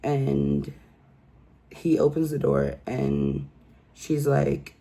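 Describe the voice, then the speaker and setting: A woman's voice: a bass voice, sing-song, very slow, warm tone. A woman hosting a casual true crime recap and telling the story in a chatty, incredulous way.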